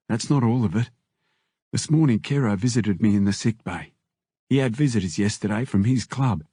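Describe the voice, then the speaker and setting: A man voicing a calm, stubborn, beaten-up male prisoner leader, with a dark husky voice. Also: medium pitch, no room sound, clean studio sound. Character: battered male prisoner gang leader, stoic.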